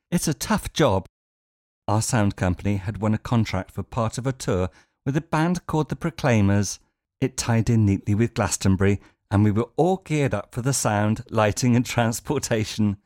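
A man's voice: on the low side, a little mellow, no room sound, studio quality. A man telling wry stories in a monologue, now and then chuckling dryly. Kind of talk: anecdotal monologue.

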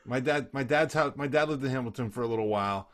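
A man's voice: medium pitch, fast, a bit bright. A man chiming in during a casual podcast chat with short, profane remarks. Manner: brief interjections, profane.

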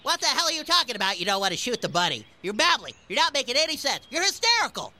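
A man's voice: very high voice, very animated, fast, bright, forceful tone, heavily acted. A man voicing an impatient hunting uncle in a cartoon, scolding in a clip played from a show. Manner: scolding, exasperated.

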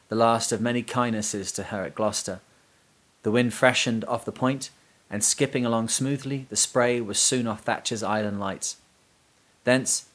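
Man reading a book aloud, low voice, measured deliberate delivery, podcast host.

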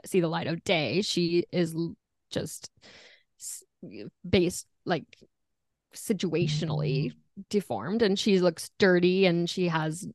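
A woman guest on a podcast, chatting casually in an animated way with frequent restarts. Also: fairly low pitch, no echo, studio quality. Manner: animated, trailing restarts and laughs.

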